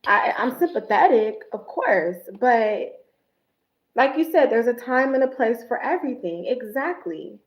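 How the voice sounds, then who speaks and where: Brief: outspoken woman host, livestream chat, slightly high voice, echoey room. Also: measured pace. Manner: blunt, animated storyteller.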